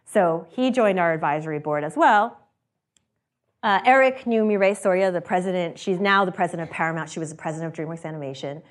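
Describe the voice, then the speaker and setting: A chatty woman speaks to an audience about founding her company, with a slightly low voice. She laughs often and acts out the people she quotes. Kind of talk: casual talk to an audience.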